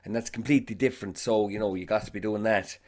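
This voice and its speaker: A man's voice: lowish voice, fast talker, darkish tone. A male actor being interviewed, talking thoughtfully with many hesitant fillers. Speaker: actor and guest. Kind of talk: casual interview chat.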